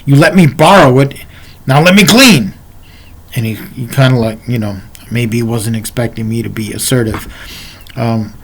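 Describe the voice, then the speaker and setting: A man telling a personal story in a casual, rambling way, speaking to the viewer in asides, as a martial arts instructor. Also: medium pitch.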